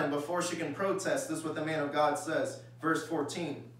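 Bright-voiced preacher in an echoey hall. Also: male voice, a little high, steady tone, a little fast. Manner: reads scripture, then acts out everyday voices conversationally. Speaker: pastor. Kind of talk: sermon. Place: church sanctuary. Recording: echoey church hall, mic far off.

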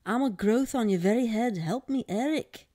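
A woman voicing a small talking growth on a man's head, pleading in a high voice. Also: moderate pace, mellow, close to an everyday voice.

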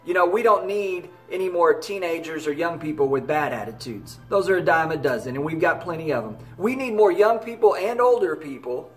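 A man giving an earnest, encouraging motivational talk to camera as a baseball academy director. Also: on the high side.

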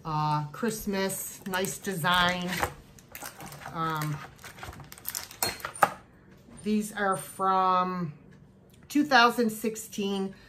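A woman's voice: medium pitch, steady tone, very slow, pauses often, a bit bright, a little hiss or hum. A woman chatting casually to camera as she shows her yard sale haul, gushing over each cute find. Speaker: thrift haul vlogger. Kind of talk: casual show-and-tell chat.

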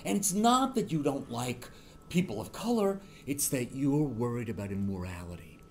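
A man's voice: mid-range voice, expressive, normal speed, a little mellow, a little hiss or hum, natural voice. A man quoting a blunt, dismissive older male senator in a matter-of-fact tone.

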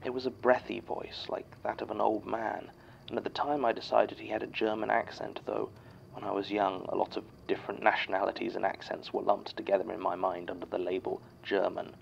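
A man playing an archivist who reads a written statement aloud in scripted horror narration, measured and somber. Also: on the low side, little pitch movement, gravelly, muffled recording, a little hiss or hum.

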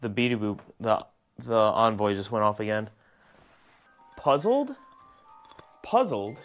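A man filming a ghost-hunting vlog alone indoors in an old house, gently reassuring an unseen spirit and sometimes jumping with startled outbursts. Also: on the low side, flat delivery, moderate pace, smooth, faint music behind. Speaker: paranormal investigator.

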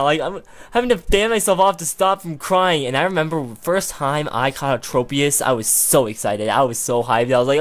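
A let's play host giving video game commentary, excitable and gushing, rambling with restarts and sometimes bursting into emotional outcries. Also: medium pitch, fairly quick. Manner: rambling with frequent restarts and filler.

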